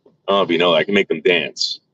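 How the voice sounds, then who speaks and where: A man's voice: low-pitched, steady tone, very fast, bright, forceful tone, highs cut off. A man vlogging to his viewers in a crude, rambling casual monologue full of fillers and restarts.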